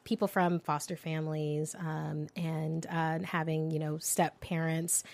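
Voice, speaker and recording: A woman hosting a casual movie news chat, animated and joking with sudden swings in pitch. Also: measured pace, vocal fry. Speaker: podcast host.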